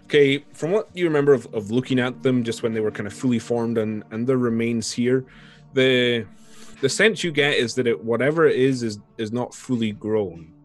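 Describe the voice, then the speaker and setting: GM type, man, mid-pitched, halting narration over faint music. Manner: hesitant, repeats words while describing. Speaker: game master. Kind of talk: narrating a tabletop game.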